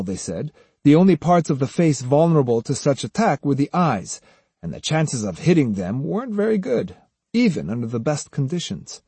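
A man reading a novel aloud as audiobook narrator, in a measured, even way, close to the mic. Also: medium pitch, breathy edge, dry recording. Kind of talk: scripted narration.

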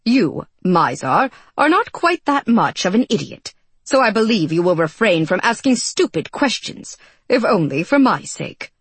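A man's voice: high voice, sing-song, measured pace, fairly bright tone, husky, dry recording, full character voice. A woman reading a storybook voices a gloomy, despairing male court astronomer who talks to his servant with exasperation and scorn. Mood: exasperated.

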